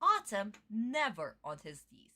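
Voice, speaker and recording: A woman streamer giving excitable, foul-mouthed reaction commentary on a cartoon, talking close into her own microphone from bed. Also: medium pitch, unhurried. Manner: excitable, swears freely, exaggerated outrage. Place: in bed at home. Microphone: own desk microphone, close.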